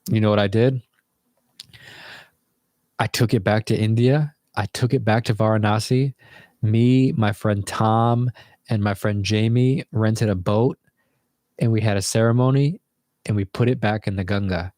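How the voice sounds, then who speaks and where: A man's voice: fairly low pitch, steady tone, measured pace, long pauses, darkish tone, no echo, clean studio sound. A young man telling a rambling, casual story to viewers from his bedroom, swearing freely as he goes. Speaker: vlogger.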